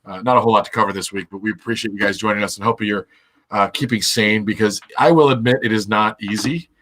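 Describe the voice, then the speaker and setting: A man's voice: on the low side, steady tone, fast talker, a bit bright. A man hosting a fan podcast, chatting casually and joking as he wraps up the episode. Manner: jokey, wraps up the show. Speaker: podcast host. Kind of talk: casual chat. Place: home, remote call.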